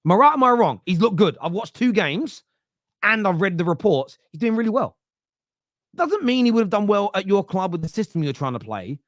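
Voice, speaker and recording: With a high, sing-song voice at a moderate pace, a man runs a fan football podcast as casual live-stream commentary on viewer comments. He's blunt and full of opinions, often beginning with "uh" and reworking his sentences. Studio quality, with no room sound.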